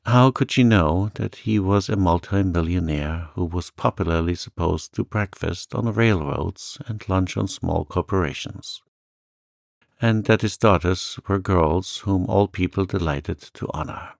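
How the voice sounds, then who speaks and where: A man reading a bedtime story for adults in a calm, gentle, soft-spoken way. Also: sits low, measured pace, vocal fry, dry recording, studio quality. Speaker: narrator.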